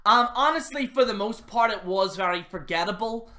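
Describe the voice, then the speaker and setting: A man's voice: high-pitched, moderate pace, sharp tone. A man hosting his channel, giving a rambling, profane and mocking review of a wrestling show. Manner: swears freely, rambling and mocking. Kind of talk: casual profane review rant.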